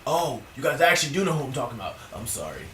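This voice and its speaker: A man's voice: mid-range voice, sing-song, racing, pushed and bright, a little hiss or hum. A man muttering as a nosy creepy stranger. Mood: prying. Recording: roomy, distant from the mic.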